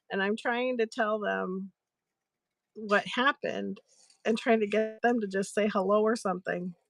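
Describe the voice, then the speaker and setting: A woman's voice: mid-range voice, dry recording. A woman hosting a live craft stream, chatting and retelling a funny story to her viewers. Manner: chatty, giggly, animated retelling. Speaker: livestream seller host. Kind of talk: casual storytelling to live chat.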